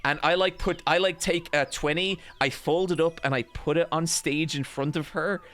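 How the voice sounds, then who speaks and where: Animated Irish man telling a story. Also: on the high side, moderate pace. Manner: animated, self-deprecating, swears freely. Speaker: podcast host. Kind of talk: casual anecdote storytelling.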